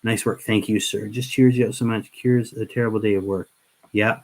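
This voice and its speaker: A man's voice: fairly low pitch, fairly even intonation, normal speed, darkish tone, rough recording. A middle-aged man hosting a casual livestream while painting miniatures, rambling and earnest with frequent restarts.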